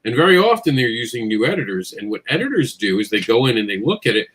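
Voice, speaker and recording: Comic writer guy, blunt and jokey, voice jumps all over, bright tone. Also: mid-range voice, fast talker, slightly rough. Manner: blunt, animated, jokey storytelling. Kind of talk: casual panel chat.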